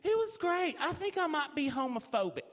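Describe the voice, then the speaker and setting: A man with a Southern accent voicing his chirpy, sweetly blunt older mother in a high sing-song put-on voice, from a stand-up recording. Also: big pitch swings, brisk, very noisy. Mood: chipper. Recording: stand-up clip, roomy hall with crowd.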